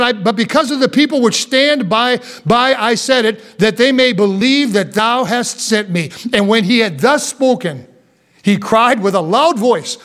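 Male pastor, high-pitched, sermon delivery: reads scripture, then preaches with sudden hushed drops. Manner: swings between fervent emphasis and hushed, slow asides; reads old scripture wording aloud, then explains it plainly.

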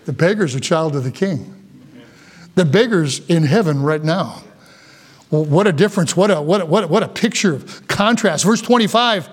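A male pastor preaching a fervent sermon, sinking low and quiet for solemn warnings and rising when urging his hearers. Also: expressive, normal speed, breathy edge.

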